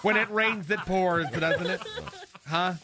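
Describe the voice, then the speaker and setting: A man's voice: sits high, slow, a crowd in the background. A man playing a campy, fussy, flamboyant gay character in a radio comedy sketch, chattering to unseen people. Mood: gossipy.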